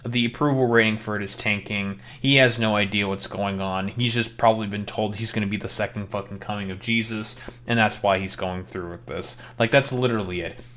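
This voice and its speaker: A man's voice: fairly low pitch, steady tone, a little fast, few pauses, fairly bright tone. A young man reacting to a press conference, with a heated, rambling manner and a lot of profanity. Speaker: political commentary streamer.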